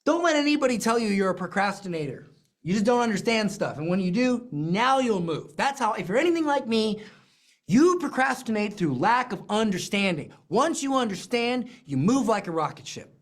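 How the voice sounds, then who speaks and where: Animated business coach with a lively voice. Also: mid-range voice, normal speed. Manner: animated, emphatic, self-deprecating asides and repeated phrases. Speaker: business coach teaching an online class. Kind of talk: live coaching lesson.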